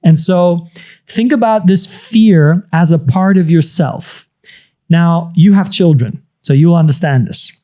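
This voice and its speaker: Mellow-voiced male coach, animated explainer. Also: unhurried. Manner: animated, acts out inner voices with sudden high pitch jumps. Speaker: business coach, guest.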